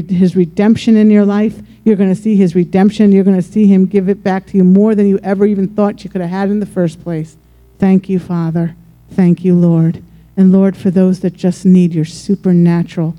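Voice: medium pitch, warm tone, highs cut off. A pastor preaching a sermon that flows into a fervent prayer, repeating "Lord" and restarting phrases often.

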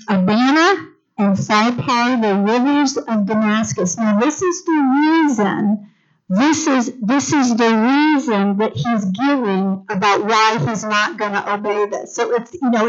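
Brief: middle-aged female Bible teacher, animated sermon delivery, slightly high voice, lo-fi muffled audio. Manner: animated, calls for congregation responses. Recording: dull lo-fi recording.

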